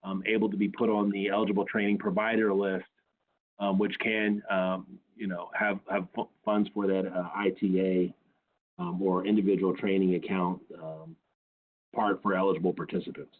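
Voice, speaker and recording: Halting man on a phone line. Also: low voice, flat delivery. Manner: halting, many fillers and restarts. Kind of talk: webinar answer. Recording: tinny phone-line audio.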